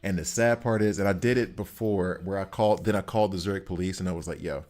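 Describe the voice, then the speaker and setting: Very deep-voiced man telling stories. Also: quick pace. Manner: animated, emphatic storytelling. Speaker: gaming streamer. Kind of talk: casual chat while streaming a game.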